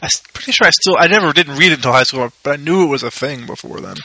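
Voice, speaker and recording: A man co-hosting a podcast in casual chat, talking in quick runs with fillers and restarts. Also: fairly high pitch, expressive, bright, forceful tone, rough recording. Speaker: podcast co-host.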